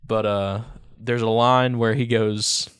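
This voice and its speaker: A young man co-hosting a podcast, telling school stories in an animated, slangy way and laughing often. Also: on the low side, slow pace, clean tone. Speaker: podcast co-host. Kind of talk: casual chat.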